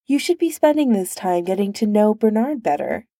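A woman's voice: mid-range voice, animated, moderate pace, warm tone, no room sound, studio quality. A woman voicing a firm but kind young woman who scolds, in a storybook reading.

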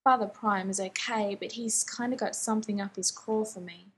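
A woman reading the part of a grieving young man who pleads softly and apologetically to his younger brother in a fan fiction reading. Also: medium pitch, steady tone, normal speed, a little hiss or hum, lightly acted. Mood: pleading.

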